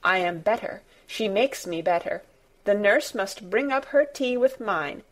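A woman's voice: medium pitch, expressive, a little slow, close to an everyday voice. Woman voicing a sickly young boy, imperious, petulant, storybook reading. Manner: demanding, petulant.

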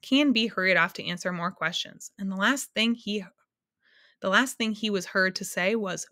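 A woman reading a children's book aloud in a gentle, measured way. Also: mid-range voice, no room sound, clean studio sound. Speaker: storyteller.

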